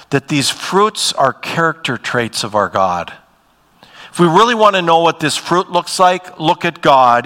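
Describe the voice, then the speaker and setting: A man preaches a sermon in a church hall, his voice bright and forceful, with a long tail of reverb behind every phrase. He talks conversationally, rising to emphatic peaks and then dropping to near-hushed moments. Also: a little high. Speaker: pastor. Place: church sanctuary.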